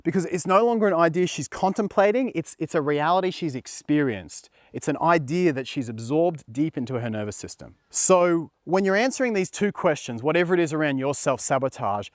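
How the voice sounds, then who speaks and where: A man's voice: on the high side, lively intonation, brisk, few pauses, dry recording, clean studio sound. A man working as a dating coach, talking straight to the viewer in an earnest, emphatic way and repeating words when he stresses a point. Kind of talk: direct-to-camera coaching talk.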